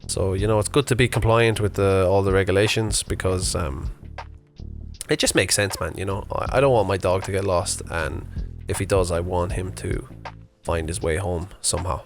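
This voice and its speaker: With soft music in the background, a man in his thirties casually narrates an unscripted vlog while out walking his dog in the morning. His low-pitched, creaky voice stays steady at a normal speed as he chats and rambles with fillers.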